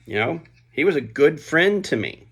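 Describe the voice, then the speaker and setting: A man's voice: on the high side, very animated, moderate pace, gravelly, breathy edge, pitched above the performer's own voice, full character voice. A man doing a sly Roman orator. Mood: sly persuasive. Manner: wheedling, mock-innocent persuasion. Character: sly, scheming male Roman orator stirring a crowd.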